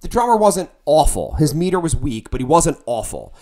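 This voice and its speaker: A middle-aged man, a musician, telling a band story in casual podcast talk, animated and profane, acting out his own shouting. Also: a little high, moderate pace.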